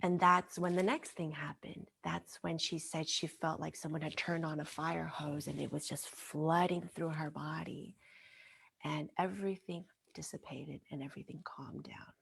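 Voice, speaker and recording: A woman who works as a mind-body wellness trainer, telling a story as a guest in an interview in a gentle, earnest way. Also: low voice, steady tone, normal speed, vocal fry, husky.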